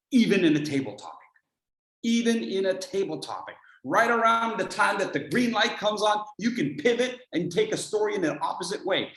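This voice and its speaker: A man coaching public speakers in a workshop, swinging from loud bursts to near whispers. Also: high voice, echoey room. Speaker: speech coach. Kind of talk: workshop teaching.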